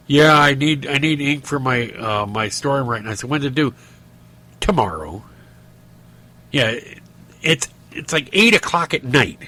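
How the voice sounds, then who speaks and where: A middle-aged man hosts a podcast, rambling through stories and rants in a casual monologue full of fillers and restarts. His mid-range voice has a sharp tone and moves at normal speed.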